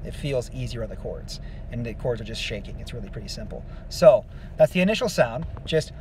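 A man giving a casual singing lesson, explaining vocal technique in a relaxed, rambling way with many fillers. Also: medium pitch, brisk, slight background noise. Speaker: vocal coach.

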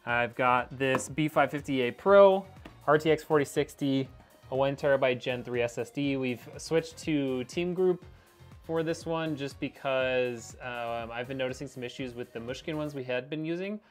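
This is casual live-stream chatter from a man assembling a PC, his medium-pitched voice moving at a normal speed over soft background music. He's slightly out of breath and rambles in a chatty way, calling viewers "y'all," all captured on a wireless clip-on mic.

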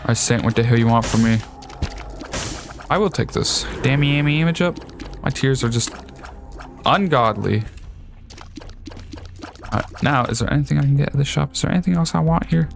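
A man giving profane, excitable commentary as he plays a video game, shouting at enemies. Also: mid-range voice, moderate pace, vocal fry, pauses often. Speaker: gaming streamer. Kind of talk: let's play commentary. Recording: game music behind.

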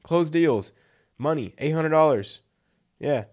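A man's voice: on the high side, expressive, slow, darkish tone. A man giving blunt, emphatic copywriting advice in a casual vlog, tossing in "like" and "right?" as he goes. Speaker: freelance copywriting coach.

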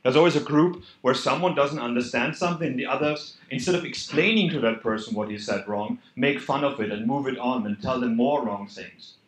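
A man's voice: mid-range voice, brisk, hardly any pauses, echoey room. A man with a German accent, speaking earnestly and conversationally as a conference speaker. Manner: earnest, conversational, animated emphasis. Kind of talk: conference talk. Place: hall at a hackday event.

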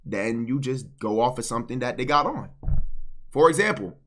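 A man in his twenties coaching a friend on a stream with a headset mic, bossy and fast-talking. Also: medium pitch, animated, a bit bright. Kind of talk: casual stream chat. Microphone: gaming headset.

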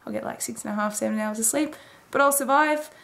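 A woman's voice: on the high side, fast, vocal fry, a bit bright. A woman in her twenties rambling casually through a late-night video diary, chatty and full of fillers. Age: 20s. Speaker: daily vlogger.

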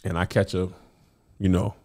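A man's voice: low voice, normal speed. A middle-aged man co-hosting a casual comedic chat, telling family stories with playful exaggeration. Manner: animated storytelling, playful exaggeration. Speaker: podcast co-host.

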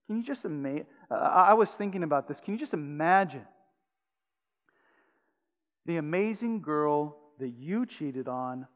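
A high-voiced male pastor preaching in a church sanctuary, his words trailing into a long hall reverb. He swings between loud, urgent pleading and quiet, intimate passages. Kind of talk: sermon.

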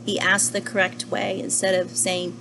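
A young adult woman teacher gently reading a picture book to children and asking them questions about the pages. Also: mid-range voice, monotone, normal speed, creaky, background noise. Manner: gentle, asks the listener questions. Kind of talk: children's story read-aloud.

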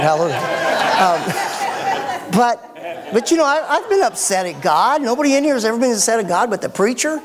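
A middle-aged man preaching a sermon as pastor, folksy and animated with joking asides. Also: very high-pitched, moderate pace, crowd noise.

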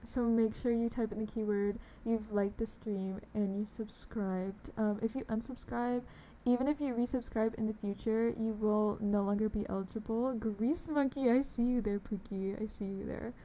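A woman's voice: on the high side, fairly even intonation, normal speed, few pauses, mellow, a little hiss or hum. A young woman streaming a game live, chatting casually and bubbly with her viewers, laughing often. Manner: bubbly, giggly, talks to chat.

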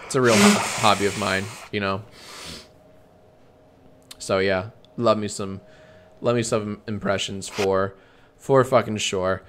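A man streaming a comedy bit, bantering with himself in a deadpan, sarcastic way and swearing often. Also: on the low side, a little slow, pauses often, background noise.

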